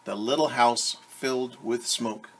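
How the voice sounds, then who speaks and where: A man's voice: medium pitch, steady tone, fairly bright tone. A male teacher reading a children's story aloud, speaking patiently to young listeners. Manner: slow, patient, addresses children directly.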